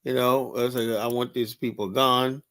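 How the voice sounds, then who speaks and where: A man hosting a heated casual debate show, talking in an animated, repetitive way and swearing often. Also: medium pitch, moderate pace. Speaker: host.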